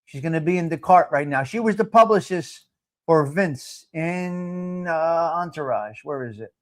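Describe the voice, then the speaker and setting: Man, live show host, brash, swearing, very lively pitch. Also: measured pace. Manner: brash, profane, repetitive. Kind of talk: live talk show monologue.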